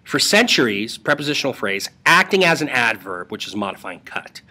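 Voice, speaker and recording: A man's voice: medium pitch, big pitch swings, brisk, sharp tone. A male English teacher giving a casual, joking lesson to students over a screen recording. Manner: playful and jokey, talking to students.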